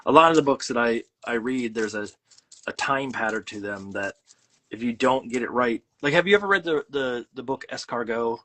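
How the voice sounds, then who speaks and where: A man's voice: medium pitch, moderate pace, sharp tone. A middle-aged man hosting a casual chat while making art, talking in a rambling, self-deprecating way with lots of fillers and restarts. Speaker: host.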